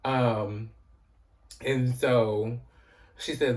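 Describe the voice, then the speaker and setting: A man's voice: medium pitch, unhurried, recorded from a distance. Chatty man recapping a TV episode. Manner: chatty, profane, frequent "you know" and "um" fillers. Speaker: TV recap host.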